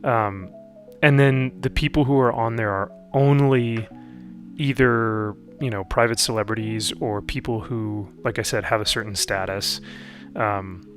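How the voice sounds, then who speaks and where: A man's voice: on the low side, fairly even intonation, a little slow, faint music behind. Rambling man hosting a hobby stream. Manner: rambling, hesitant with frequent ums. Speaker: livestream host. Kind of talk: casual hobby-stream chat.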